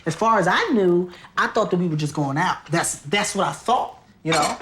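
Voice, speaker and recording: A man's voice: sits high, expressive, moderate pace, a bit bright, slight background noise. An actor in his twenties playing an indecisive young boyfriend who stammers and hesitates nervously in a sitcom. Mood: flustered. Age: 20s. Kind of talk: sitcom acting.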